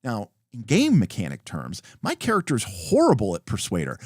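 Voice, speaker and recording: Animated man explaining game rules. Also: fairly low pitch, normal speed, no room sound, studio quality. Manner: animated, acts out example dialogue, many fillers. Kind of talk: casual rules explanation on a livestream.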